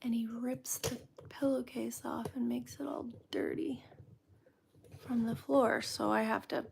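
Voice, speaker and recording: A woman hosting a casual cooking chat, rambling with restarts and often dropping into soft near-whispers. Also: on the high side, fairly even intonation, measured pace, creaky, a little hiss or hum. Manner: chatty and rambling, with frequent restarts. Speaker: host of a cooking chat stream. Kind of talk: casual chat while cooking, reading viewer comments.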